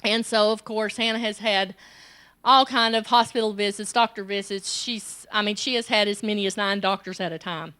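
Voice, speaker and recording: A woman's voice: fairly even intonation, moderate pace, bright, forceful tone. A woman, delivering a sermon at a women's conference, telling personal stories and acting out the voices in them. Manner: storytelling, acts out quoted child and self in high pitch. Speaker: women's ministry director, conference speaker.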